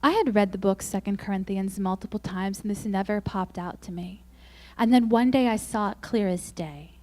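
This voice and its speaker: A woman speaking at a Christian women's conference, telling self-mocking, humorous stories and acting out quoted lines in a higher, louder voice. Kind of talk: faith-based conference talk.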